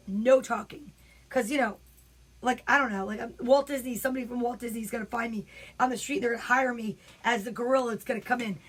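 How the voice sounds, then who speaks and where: A woman comedian telling a story at home, animated and chatty with frequent asides. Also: a little high. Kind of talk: casual storytelling livestream.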